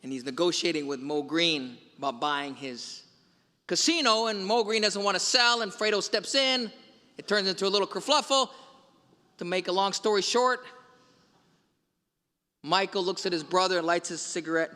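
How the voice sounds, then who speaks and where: In a spacious church full of lingering echo, a man's high, bright voice carries a Sunday homily at a moderate pace. He is a priest recounting scenes from films and quoting their dialogue.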